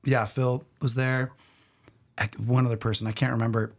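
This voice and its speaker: A middle-aged man, a podcast guest, telling casual stories in an animated, rambling way full of restarts. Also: medium pitch, normal speed. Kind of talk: casual storytelling.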